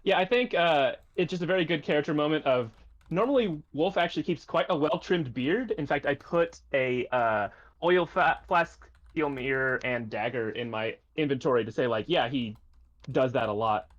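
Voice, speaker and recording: A man playing a tabletop game, chatting casually and easily with quick asides. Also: a little high, lively intonation. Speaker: player. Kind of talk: casual tabletop chat on stream. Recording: dull, muffled online mic.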